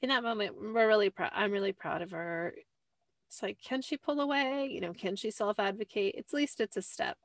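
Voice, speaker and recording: Rambling woman with vocal fry. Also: medium pitch, moderate pace, no echo. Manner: rambling, many "like" fillers, apologetic asides. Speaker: podcast host recapping a show. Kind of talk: casual chat. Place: small cramped room. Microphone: close desk mic.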